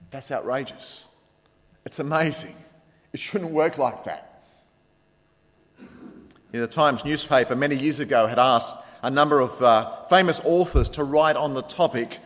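A man preaching a sermon as pastor, earnest, pressing on points and then dropping quiet. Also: mid-range voice. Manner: earnest preaching with rising emphasis and quiet drops. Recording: long hall reverb.

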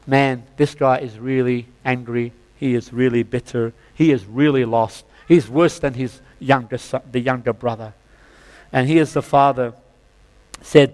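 A man's voice: mid-range voice, normal speed, darkish tone. A man preaching a sermon, retelling a parable and often addressing his listeners as "friends", building to fervent peaks. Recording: long hall reverb.

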